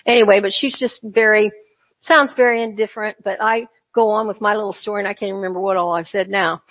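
A woman's voice: mid-range voice, steady tone, quick pace. A woman telling a personal faith testimony in an earnest, conversational way, full of asides. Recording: dull lo-fi recording.

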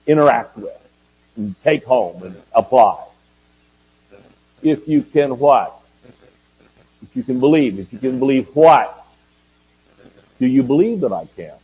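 A man's voice: mid-range voice, slightly rough. A man preaching a sermon as a pastor, asking rhetorical questions, joking and calling for amens from the congregation. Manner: preaches with jokes, rhetorical questions and calls of amen. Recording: dull lo-fi audio.

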